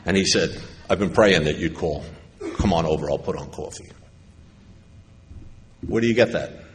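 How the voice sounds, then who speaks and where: In a large convention hall, a middle-aged man from New York gives a personal recovery talk at a moderate pace, his voice sitting low. He uses wry humor and acts out others' lines. The audio echoes, with faint ambience and slight background noise.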